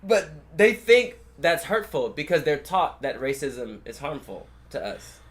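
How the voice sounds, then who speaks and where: A man's voice: fairly high pitch, measured pace, a little hiss or hum. Profane young man storytelling. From California. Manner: profane, animated storyteller who acts out quoted people. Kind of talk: casual conversation.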